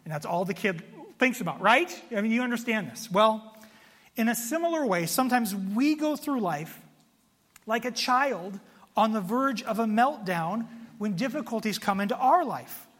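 High-voiced, animated pastor in a hall. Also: male voice, moderate pace. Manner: animated, self-mocking storyteller. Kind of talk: sermon with storytelling.

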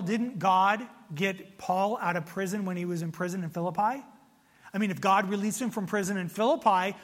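A man preaching a sermon to a congregation in a conversational, animated way, with asides to the listeners. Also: high-pitched, in a large hall. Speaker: pastor.

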